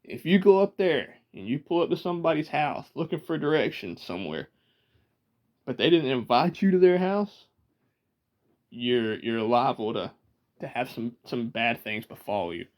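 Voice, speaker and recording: A man chats loosely to camera in a vlog. His pitch rises and falls a lot. He pauses, chuckles and restarts his sentences as he goes. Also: lively intonation, a little mellow. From Georgia, US. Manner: laid-back, chuckling, halting restarts. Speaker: vlogger. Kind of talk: casual rambling vlog.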